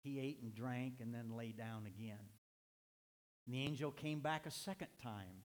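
A middle-aged man preaching a sermon as pastor, earnest, slowing down and lifting his voice to stress points. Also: medium pitch, long reverb tail. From United States.

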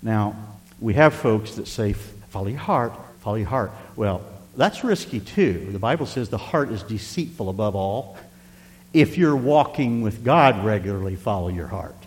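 An older man preaching a folksy sermon as pastor, rising to loud emphasis and dropping to quiet asides. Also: fairly low pitch, expressive, normal speed, in a large hall. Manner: folksy, varies loudness for emphasis, occasional chuckles.

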